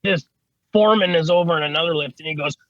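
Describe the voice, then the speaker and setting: A man's voice: fairly high pitch, fast talker, fairly bright tone, no room sound, lo-fi sound. A man, an HVAC service tech, telling stories casually in an interview, rambling with lots of "you know what I mean" and casual swearing. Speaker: HVAC service technician, podcast guest.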